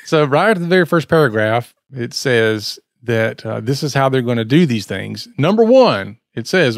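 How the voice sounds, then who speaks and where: Give me an animated man podcast co-host with a lively, swinging voice. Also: mid-range voice, normal speed, gravelly, hardly any pauses, dry recording, clean studio sound. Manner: animated, acts out what people said. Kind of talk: casual chat.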